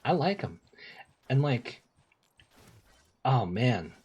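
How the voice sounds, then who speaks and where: A young man streaming a game, chatting casually with viewers in relaxed slang, repeating phrases and laughing often. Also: mid-range voice, very slow, lo-fi sound, a little hiss or hum. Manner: laid-back slang, lots of laughing and repeating himself. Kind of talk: casual gameplay streaming, reading chat.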